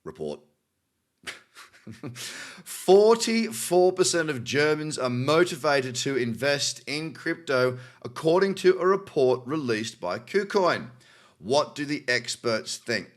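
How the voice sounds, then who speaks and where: Australian male host, mid-pitched, casual and cynical, chats between headlines. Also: very animated, takes it slowly. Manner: cynical, chatty asides while reading articles. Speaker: crypto news host. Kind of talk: casual news commentary.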